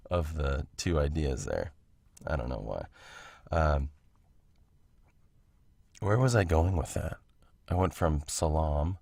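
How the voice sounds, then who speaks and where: Recorded on a home mic with no room sound, a man with a rumbling low, slightly mellow voice hosts a casual solo podcast. He rambles, interrupts himself, and laughs at his own tangents.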